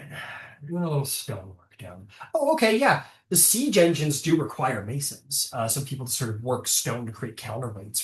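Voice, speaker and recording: A game master narrating a tabletop game, rambling and stopping often to correct themselves. The voice sits at a middle pitch. It carries an echoey room sound. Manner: rambling, full of fillers and self-corrections.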